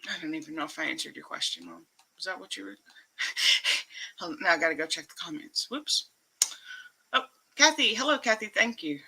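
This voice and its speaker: A woman's voice: lowish voice, sing-song, brisk, creaky, pauses often, sharp tone, breathy edge. A woman hosting a casual livestream from home, emotional and upbeat, laughing often as she chats. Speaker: livestream host.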